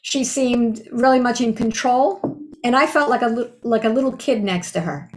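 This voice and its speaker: A woman's voice: on the high side, normal speed. Earnest woman in her sixties. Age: 60s. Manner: earnest, heartfelt recounting. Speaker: storyteller sharing a spiritual experience. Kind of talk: casual personal storytelling.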